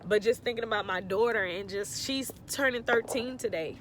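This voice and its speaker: A woman's voice: a little high, moderate pace, a bit bright, slight background noise. A woman in her thirties, teary and heartfelt, giving a rambling faith testimony to her viewers from her car. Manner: heartfelt, tearful, rambling with many fillers. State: teary, on the verge of crying. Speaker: vlogger.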